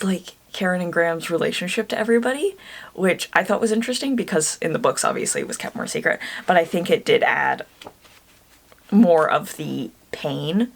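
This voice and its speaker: Husky-voiced woman chatting through a review. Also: low-pitched. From Ireland. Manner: chatty, rambling, gets worked up and rants. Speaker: book and TV reviewer. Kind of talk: casual review monologue.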